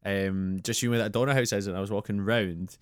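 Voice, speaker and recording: A Scottish man hosting a podcast, telling sweary stories in lively, casual chat. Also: lowish voice, fast, dry recording, clean studio sound. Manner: animated, sweary anecdotes. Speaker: podcast host.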